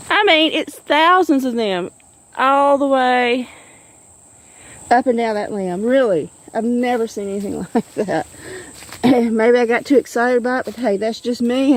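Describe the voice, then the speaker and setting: A woman vlogging on a walk in the woods, cooing at her kitten and getting excited about what she finds. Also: sits high. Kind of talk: casual nature vlog. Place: outdoors in the woods.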